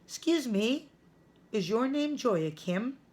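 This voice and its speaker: A woman's voice: on the high side, sing-song, takes it slowly, darkish tone, voice pushed up. A woman reading aloud, voicing a kind elderly man who sells flowers, friendly and chuckling. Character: elderly male flower seller, kind, foreign-sounding.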